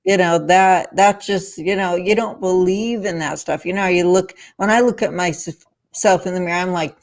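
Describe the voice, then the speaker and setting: A woman's voice: on the low side, steady tone, normal speed. A woman on a podcast who speaks in a reflective, supportive way, often saying "you know". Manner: reflective and supportive, with frequent fillers. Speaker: podcast guest. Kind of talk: casual podcast conversation.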